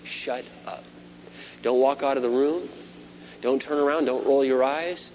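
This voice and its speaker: A middle-aged pastor preaches with lively swings, punching some words loud and dropping others to near a murmur. The recording is a dull, lo-fi sermon tape with a faint hum underneath. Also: male voice, medium pitch, normal speed. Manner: animated preaching, shifts between loud emphasis and quiet asides.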